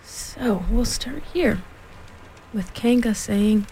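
Gentle, mellow woman reading a bedtime story. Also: medium pitch, slight background noise, rough recording. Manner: gentle, unhurried, soft. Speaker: reader. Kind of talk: bedtime story read-aloud. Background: faint rain and fireplace ambience.

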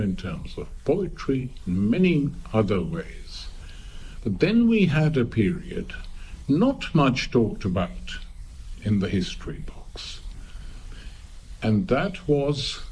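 Slow, husky older man lecturing. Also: medium pitch, darkish tone, low-quality recording. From Pakistan. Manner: slow, measured, digressive. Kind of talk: public lecture.

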